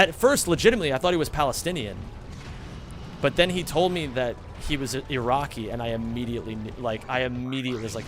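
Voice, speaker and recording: During a game livestream with background music, a young American man talks a little fast at a medium pitch. His casual chatter wanders, is peppered with swearing, and relies heavily on the filler "like."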